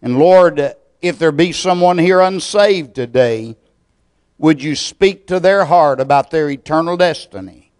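A man preaching a sermon and leading a prayer, with a deliberate, measured delivery full of pauses. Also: on the high side, a little mellow, smooth. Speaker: pastor.

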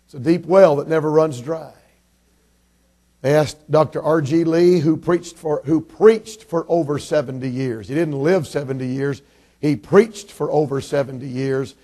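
A man from Illinois preaching a Baptist sermon in a slightly raised, mellow voice. He drops to soft, low-key remarks, then climbs into loud, emphatic scripture reading and exhortation. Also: a little slow. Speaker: visiting preacher.

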